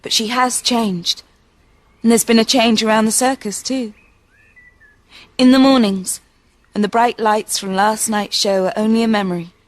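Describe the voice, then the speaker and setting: A woman reading a children's storybook aloud in a gentle, expressive way. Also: medium pitch, slight background noise. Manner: gentle, expressive, varied pacing.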